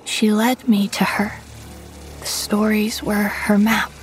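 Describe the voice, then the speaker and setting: A woman narrating a first-person horror story in a hushed voice that often drops to a whisper. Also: medium pitch, level tone, takes it slowly, soft background music, rough recording.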